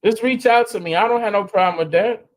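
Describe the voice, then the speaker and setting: A man hosting a live stream in casual, slangy chat, animated and prone to sudden high exclamations. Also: quick pace.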